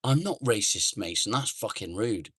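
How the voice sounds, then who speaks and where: A man's voice: lowish voice, expressive, normal speed, a bit bright, breathy edge. A man hosting a casual live stream outdoors on a phone, chatting with viewers, humming and muttering to himself as he reads the chat. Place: outdoors, sitting in a chair near the house.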